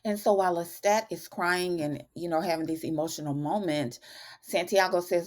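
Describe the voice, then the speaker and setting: A woman's voice: on the low side, moderate pace, darkish tone. A woman chatting casually through a TV episode recap, calling her viewers y'all. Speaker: TV recap vlogger.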